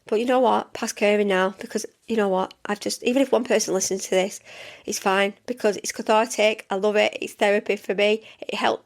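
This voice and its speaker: A middle-aged woman hosting her own podcast as a coach, chatting in a rambling, enthusiastic way full of fillers and restarts. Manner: enthusiastic, jumps up in pitch when excited. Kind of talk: casual solo podcast chat.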